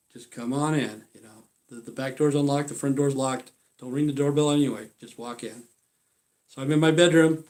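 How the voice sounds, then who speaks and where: Guy rambling on a livestream, swears a lot, medium voice, just chatting. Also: mid-range voice. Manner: rambling, profane, talks to viewers. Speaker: livestream host. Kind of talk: casual storytelling livestream.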